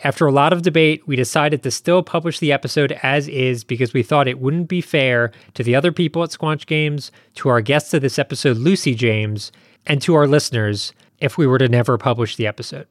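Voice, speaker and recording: A man hosting a podcast, speaking in a measured, sincere way. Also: mid-range voice, no room sound, studio quality. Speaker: podcast host. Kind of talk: read announcement, then casual chat.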